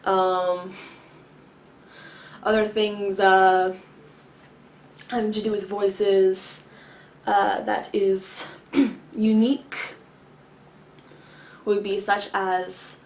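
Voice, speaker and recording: Woman vlogger, unhurried and carefully enunciated, mid-pitched, pauses often, fills gaps with ums and throat-clearing. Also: flat delivery. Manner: deliberate, enunciated, with long pauses; frequent filler words and throat-clearing. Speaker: vlogger answering viewer questions. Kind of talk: casual explanatory talk to camera.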